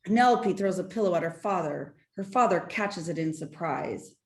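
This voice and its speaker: A woman narrating the stage directions of an amateur radio play in a plain, even manner. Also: on the low side, moderate pace.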